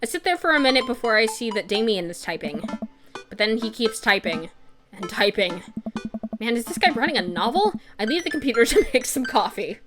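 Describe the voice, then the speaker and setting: Jokey woman narrating a game, fairly high. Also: big pitch swings, fairly quick, over music. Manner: jokey, rambling asides, laughs often. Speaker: gamer. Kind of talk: let's-play narration.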